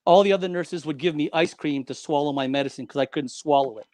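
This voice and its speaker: A man with a fairly high voice who tells a personal story with emphatic, dramatic delivery, repeating his key lines for effect. His voice comes across close and dry, with almost no room sound. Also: fast talker, dark tone, no room sound. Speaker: guest.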